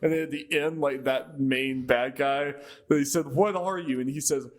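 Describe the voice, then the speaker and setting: Man, relaxed casual chat, laughs often, podcast guest. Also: medium pitch, moderate pace. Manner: laid-back, laughing, retells trailers.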